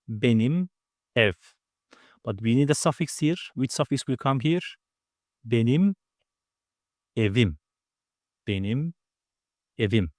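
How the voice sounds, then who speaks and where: A man's voice: mid-range voice, no echo, clean studio sound. Man teaching grammar step by step. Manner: patient, step-by-step explaining, repeats words slowly. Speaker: language teacher. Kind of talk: grammar lesson.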